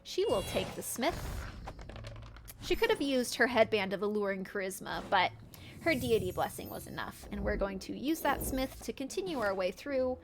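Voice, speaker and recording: A woman's voice: medium pitch, animated, moderate pace, slight background noise. A woman streamer giving casual, playful gameplay commentary, often giggling as she narrates her characters' antics.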